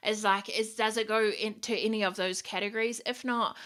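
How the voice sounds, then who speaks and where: Bright-voiced woman, blunt and swearing. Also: medium pitch, steady tone, fairly quick. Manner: blunt, frequent swearing, upbeat and direct. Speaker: podcast host. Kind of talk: casual motivational podcast talk.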